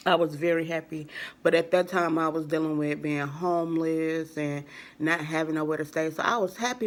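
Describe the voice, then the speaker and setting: In a low-pitched voice, a young woman vlogs a personal story, casual and rambling. She fills it with verbal fillers and keeps quoting people with "I was like."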